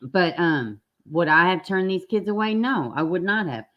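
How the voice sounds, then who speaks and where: Low-voiced woman streaming true crime, blunt and chatty with her viewers, cusses some. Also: animated, normal speed, lo-fi sound. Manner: chatty, blunt, swears, talks straight to viewers. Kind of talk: casual live-stream commentary.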